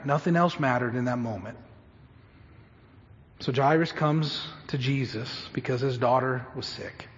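A man preaching a sermon, telling stories dramatically and moving from hushed tones to loud, pleading cries. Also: medium pitch. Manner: dramatic, shifts from hushed storytelling to shouted pleading. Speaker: pastor. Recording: muffled sound with long hall reverb.

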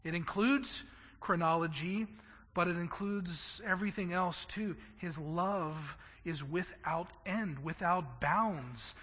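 A man with a high, bright, husky voice preaches a passionate sermon, doubling words as he presses his points. The sound is dull and lo-fi, carried by a long echo from a large hall. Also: slow. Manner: impassioned, stammering repeats for emphasis.

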